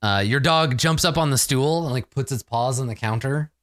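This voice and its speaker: A man's voice: medium pitch, normal speed, fairly bright tone, dry recording, studio quality. A man narrating a tabletop game as game master, casual and full of restarts. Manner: casual, many fillers and restarts.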